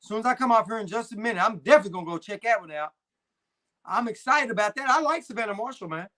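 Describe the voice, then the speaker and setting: A man's voice: sits high, lively intonation, racing, pushed and bright. A young adult man hosting a live stream, chatting casually with slang and reading viewer comments. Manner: laid-back slangy banter, frequent fillers.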